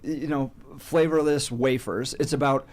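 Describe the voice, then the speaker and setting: A man's voice: mid-range voice, fairly even intonation, measured pace, darkish tone. A male radio co-host asking questions and adding opinions in casual, chatty talk.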